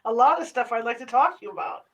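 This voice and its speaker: A woman's voice: fairly high pitch, fast, distant mic, crowd noise, low-quality recording. A woman hosting an interview, asking questions and giving short, affirming replies. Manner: brief affirming responses. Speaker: podcast host. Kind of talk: casual interview.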